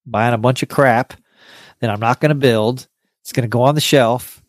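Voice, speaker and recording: A man hosting a hobby podcast in casual chat, halting and restarting his sentences often. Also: medium pitch, dry recording, clean studio sound. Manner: halting, with many stammered restarts. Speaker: podcast host.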